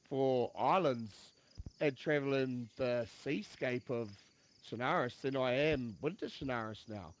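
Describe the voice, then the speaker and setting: Brief: man, mid pitch, thoughtful and rambling, casual. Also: a little slow, slight background noise. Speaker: podcast panelist. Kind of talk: casual chat.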